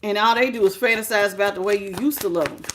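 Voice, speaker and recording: A woman's voice: medium pitch, fast, fairly bright tone, a little hiss or hum. A woman hosting a live-stream tarot reading. She talks straight to the listener and greets viewers by name, calling them sweetheart and baby. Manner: speaks directly to the listener.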